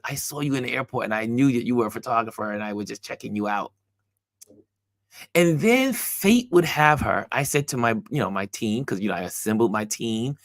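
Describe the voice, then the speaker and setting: A man with a gravelly, creaky voice hosts a motivational talk, telling a personal story with lively, acted-out dialogue. The recording is close and dry, with no room echo. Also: mid-range voice. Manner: animated storyteller acting out dialogue. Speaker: host.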